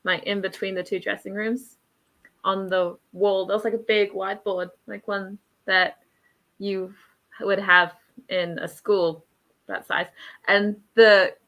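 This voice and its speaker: A young Australian woman, a theatre actor guest, chatting brightly and laughing through her words. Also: medium pitch, little pitch movement, unhurried. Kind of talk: casual chat.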